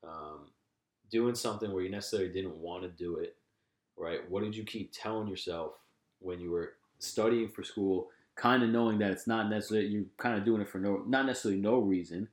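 A man's voice: on the low side, brisk, roomy sound. A young man hosting a podcast in a casual chat, laid-back and full of fillers and restarts. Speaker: podcast host. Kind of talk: casual conversation.

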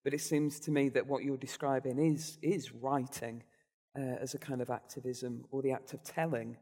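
A man's voice: medium pitch, steady tone, moderate pace, warm tone. A man hosting a book podcast who talks in an enthusiastic, rambling way. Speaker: podcast host. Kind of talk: casual book discussion. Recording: echoey reverb.

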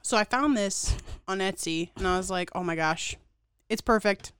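A young woman co-hosting a podcast in casual chat, telling stories and acting out quotes with lively emphasis. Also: mid-range voice, normal speed, clear, resonant tone, no echo. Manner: animated storytelling, acts out quotes. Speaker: podcast co-host.

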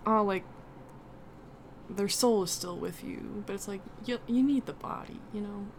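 A woman's voice: mid-range voice, a little slow, a little mellow, a little hiss or hum. A young woman cohosting a podcast in casual chat, rambling and giggly with lots of "like".

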